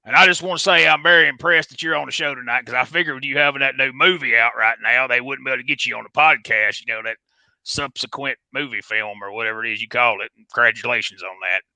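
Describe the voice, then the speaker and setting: A man's voice: medium pitch, fast talker, gravelly, sharp tone, dry recording, low-quality recording. A man with a folksy, rambling, slangy way of talking, doing a comedic bit as a wrestling promoter. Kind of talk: comedic in-character call-in.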